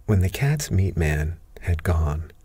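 A man reading a children's classic aloud as a slow, soothing bedtime story. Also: low-pitched, lively intonation, warm tone, husky, no echo. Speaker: narrator.

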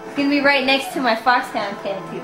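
A woman hosting a gaming video, giving excitable let's-play commentary full of swearing and shrieking reactions. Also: high-pitched, a little fast. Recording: echoey room with loud game music behind.

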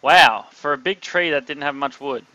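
A young man giving live gameplay commentary, excitable, talking to his chat and yelping when startled. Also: a little high, normal speed, dry recording, highs cut off. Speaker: gamer streaming live.

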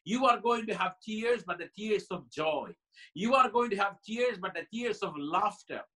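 A man's voice: high-pitched, expressive, moderate pace, pushed and bright, rough recording. A man preaching a sermon as pastor at a Bible study, emphatic and building his points through repeated phrases. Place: church.

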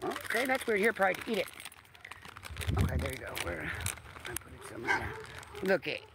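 A young woman talks on a handheld phone outdoors, chatty and casual, swearing easily and cooing at dogs. Her pitch swings up and down a lot. The phone recording carries clear background noise from the open air. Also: big pitch swings, normal speed. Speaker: vlogger. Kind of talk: casual vlog talk. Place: outdoors in a rural yard with dogs.

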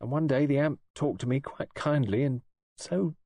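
A man's voice: mid-range voice, normal speed, no room sound, clean studio sound, pitched above the performer's own voice, close to an everyday voice. A man voicing a shy, distressed young woman who speaks hesitantly, in an audiobook reading. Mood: anguished. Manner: soft, hesitant, faltering. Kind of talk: audiobook dialogue.

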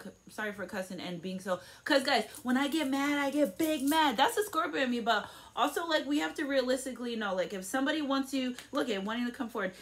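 A woman giving a casual tarot reading at home, emphatic and blunt, swearing freely and tossing in "okay?" as she goes. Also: fairly high pitch. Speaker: tarot reader. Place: room at home.

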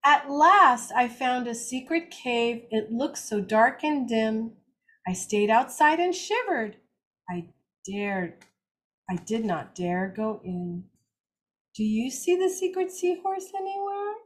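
Here an older woman leads circle time, sharing picture books with little ones in a warm, expressive, animated manner. Her voice is high and bright, climbing and falling across a wide range, and her pace stays slow and careful.

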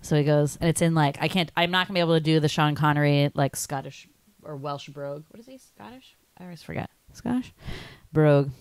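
A woman's voice: sits low, fast, clear, resonant tone, no room sound. A young woman co-hosting a podcast, chatting casually and animatedly, laughing often and saying "like" a lot. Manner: animated, laughing, heavy use of "like". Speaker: podcast co-host. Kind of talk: casual chat.

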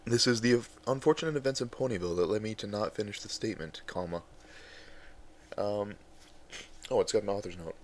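A man's voice: on the low side, brisk, pauses often, slight background noise. A young man reading bad fan fiction aloud, with wry, exasperated asides between passages. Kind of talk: casual dramatic reading.

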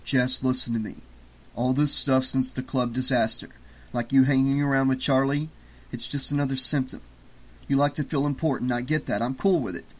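A man's voice: medium pitch, steady tone, normal speed, a bit bright, close to an everyday voice. A man voicing a worried, earnest young man who lectures tiredly, close to his own voice. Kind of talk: audiobook character voice.

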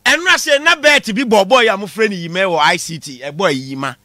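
A man with a Ghanaian accent giving a comic lecture in a lively way, shouting out his punchlines. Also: sits high, a little fast, no echo, clean studio sound, soft background music. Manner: animated, shouting punchlines, mixing Twi with English. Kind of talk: comedy class monologue.

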